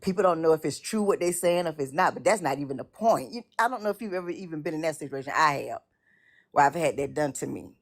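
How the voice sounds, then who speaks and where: Woman, very low voice, casual chat, rambling and repetitive delivery. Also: animated, fast talker. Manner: rambling, repeats words, many fillers. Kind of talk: casual conversation about church experiences.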